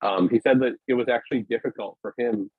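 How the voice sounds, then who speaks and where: A man's voice: mid-range voice, steady tone, fast, breathy edge, dry recording. Rambling man on a tinny call. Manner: rambling, hesitant, many restarts and fillers. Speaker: podcast guest, weightlifting media founder. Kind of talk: casual conversational interview. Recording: dry, tinny phone-like call audio.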